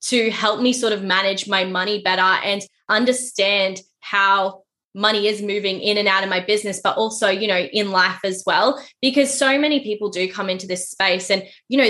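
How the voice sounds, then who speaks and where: A woman's voice: medium pitch, bright, forceful tone. A woman hosting a casual podcast interview, chatty and hedging, filling her talk with "sort of" and "you know". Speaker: podcast host.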